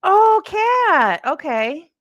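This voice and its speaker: A woman's voice: very high-pitched, big pitch swings, very slow, fairly bright tone, dry recording, highs cut off. A woman hosting a casual true crime livestream, chatting in a rambling way and answering comments from her live chat. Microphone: streaming setup.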